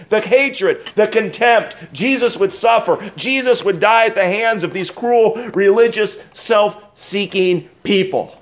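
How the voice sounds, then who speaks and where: Male pastor, middle-aged, high-pitched, emphatic preaching delivery that repeats words for effect. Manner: emphatic, repeats key words, swings between loud and soft. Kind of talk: sermon.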